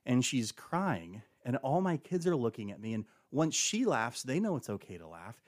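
Animated storyteller dad, dry close mic. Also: male voice, medium pitch, normal speed, dry recording. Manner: animated storyteller acting out family dialogue. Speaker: guest. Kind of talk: casual podcast storytelling.

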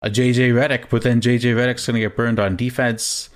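A man's voice: mid-range voice, little pitch movement, brisk. A young man co-hosting a podcast, chatting casually and rambling a little with restarts. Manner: laid-back, rambling with restarts. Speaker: podcast co-host. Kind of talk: casual chat.

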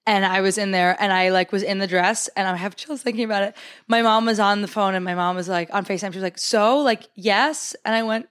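A woman co-hosting a podcast in casual chat, telling a story and acting out quotes in high, excited voices. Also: fast talker, clean tone, no room sound, clean studio sound. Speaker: podcast co-host.

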